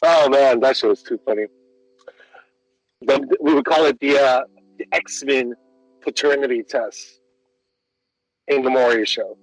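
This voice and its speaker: A man co-hosting a casual comedy chat, laughing often and swearing freely, with loud bursts of excitement. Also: medium pitch, a little slow, long pauses, dry recording, rough recording. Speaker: podcast co-host.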